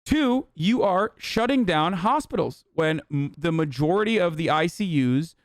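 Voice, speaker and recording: Male live streamer, higher-pitched, sarcastic and swearing freely, dry close sound. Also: a little slow, no echo. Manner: animated, sarcastic, swears often. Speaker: live streamer reacting to chat. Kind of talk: casual profane commentary.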